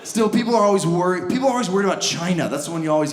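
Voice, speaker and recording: A man's voice: sits high, animated, very fast, few pauses. A male stand-up comedian from the United States, ranting sarcastically and in exasperation on a comedy club stage. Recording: echoey club with crowd laughter.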